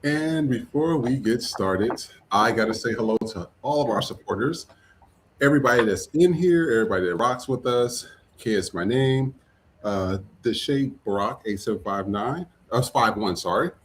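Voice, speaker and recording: A man hosting a live podcast, opening the show with energetic greetings and shout-outs to supporters. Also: mid-range voice, normal speed, a little hiss or hum. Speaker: podcast host.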